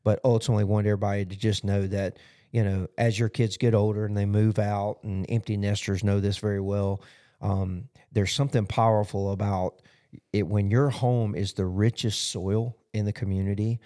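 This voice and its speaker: He's a pastor with a lowish, dark-toned voice, talking at normal speed and a level tone as he casually recaps his sermon on a podcast. The delivery rambles, full of "you know" fillers.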